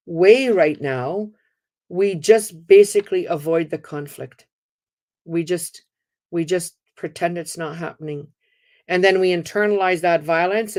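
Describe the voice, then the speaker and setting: A woman hosting a community talk, telling lively personal stories and acting out the voices of the people in them. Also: fairly low pitch. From Canada. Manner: animated, laughing, acts out quoted voices. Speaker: host.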